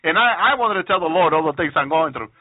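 A man's voice: a little high, expressive, no room sound, phone-quality sound. A man giving an emotional testimony sermon, often stopping to praise God and restarting his sentences. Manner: emotional, repeats praise phrases, halting restarts. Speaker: preacher on a radio program.

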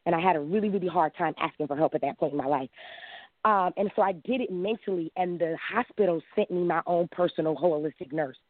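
A woman in her thirties calling in, telling a long personal story in a lively way, acting out quotes and laughing often. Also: lowish voice, fast, no echo. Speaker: caller. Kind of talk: casual storytelling. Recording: dry tinny phone line.

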